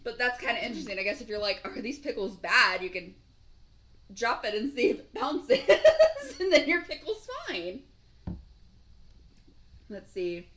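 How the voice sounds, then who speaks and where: A woman co-hosting a casual podcast, talking in an animated, slangy way and acting out little quoted bits. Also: fairly high pitch, a little slow, long pauses. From Nevada. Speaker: podcast co-host. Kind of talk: casual chat.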